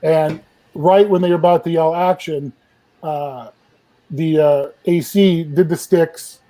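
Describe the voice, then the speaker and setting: A man's voice: fairly high pitch, slow pace, low-quality recording. A man, a film still photographer, telling behind-the-scenes stories in a casual group chat and acting out what people said. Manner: animated storyteller, acts out quotes.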